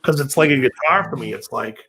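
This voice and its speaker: A man's voice: mid-range voice, fairly quick, bright, forceful tone, husky. A man chatting casually as a guitarist on a live-stream video call, joking and laughing easily. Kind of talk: casual chat.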